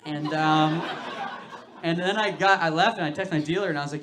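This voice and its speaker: A man's voice: medium pitch, fast, fairly bright tone. A young man performing a loose, casual stand-up set, swearing and acting out quotes on a club stage. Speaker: stand-up comedian. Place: comedy club stage with laughing audience. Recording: live club recording with audience noise.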